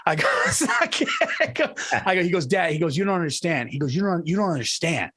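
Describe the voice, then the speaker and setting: Middle-aged podcast co-host, high male voice, rambling and repetitive storyteller. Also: very animated, quick pace, pushed and bright, slightly rough. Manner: rambling storytelling with repeated "he goes" and "dude". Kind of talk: casual chat.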